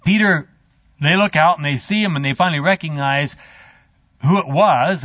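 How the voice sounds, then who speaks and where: A man teaching a Bible study, retelling a story in an animated, halting, chatty way with a handout. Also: a little high, no room sound. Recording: dull lo-fi dry.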